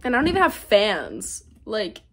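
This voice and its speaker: A woman's voice: mid-range voice, wildly swooping pitch, normal speed, a bit bright, slight background noise. A young woman chatting casually in a home vlog, rambling and poking fun at herself. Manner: chatty, self-mocking, rambling. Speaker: YouTuber.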